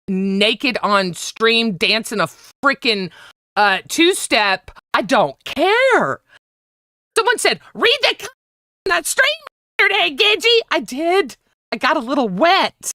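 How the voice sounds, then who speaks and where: A woman's voice: lowish voice, pushed and bright, no room sound, clean studio sound. A woman co-hosting a casual livestream chat, blunt and profane. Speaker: co-host.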